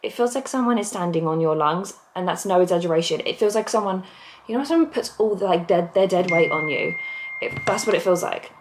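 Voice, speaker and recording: A young pregnant vlogger, out of breath, sits on a squeaky chair at home and rambles candidly to her camera mic in a casual confessional vlog, often interrupting herself. Her low-ish voice has lively intonation and a slightly fast pace, with reverb and a noisy background.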